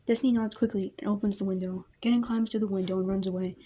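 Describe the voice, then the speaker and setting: A woman narrates a fan story in a plain, steady voice. Her tone is mellow and dark, and her pitch stays at an ordinary level. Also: fast, breathy edge. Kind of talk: reading a fan story aloud.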